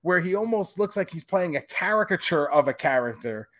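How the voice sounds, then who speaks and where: A man's voice: high voice, animated, a little fast, fairly bright tone. A man co-hosting a podcast in casual chat, easygoing and reflective, swearing casually. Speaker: podcast co-host.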